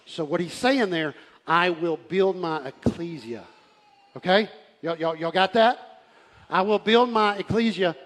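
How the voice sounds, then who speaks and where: A man preaching a fervent sermon. He often shouts and laughs as he preaches. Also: sits high, unhurried. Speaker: pastor. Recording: live church hall with reverb and faint crowd.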